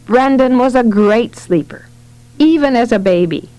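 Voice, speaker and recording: Expressive woman reading a parenting book. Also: on the high side, unhurried, no room sound, rough recording. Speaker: audiobook narrator. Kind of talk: scripted nonfiction narration.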